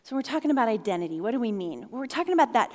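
A woman's voice: on the high side, sing-song, rapid-fire, long reverb tail. A middle-aged woman pastor giving a sermon in a playful, conversational way, laughing often.

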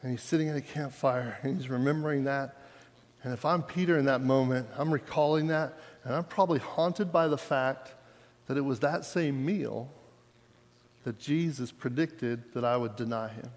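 A man's voice: mid-range voice, normal speed. A man preaching a sermon, retelling a story in a casual, conversational way and building to fervor. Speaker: pastor. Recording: long hall reverb.

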